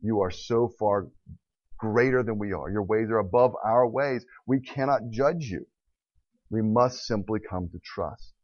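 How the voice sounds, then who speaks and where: Preacher putting on a humbled old man, soft and slow, lower voice, muffled recording. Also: dry recording. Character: humbled old male sufferer, awed and yielding. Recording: dull lo-fi recording.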